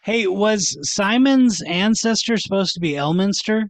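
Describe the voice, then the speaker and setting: A man co-hosting a casual podcast chat, animated and joking, swearing freely. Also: high voice, no echo. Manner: animated, swearing, quick to joke. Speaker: podcast co-host.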